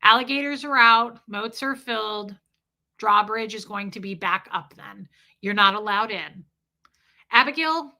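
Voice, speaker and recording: Blunt, bright-voiced woman livestreamer. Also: medium pitch, a little slow. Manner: candid, blunt, chatty, swears freely; reads viewer comments aloud. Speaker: livestream host. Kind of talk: casual livestream chat.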